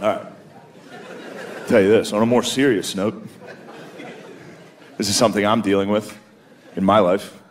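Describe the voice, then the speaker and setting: A man with a lowish voice and fairly even intonation speaks at normal speed, pausing often, in a stand-up set. At a comedy club before a live crowd, he tells crude, self-deprecating stories and does put-on voices, with loud laughter throughout the live recording.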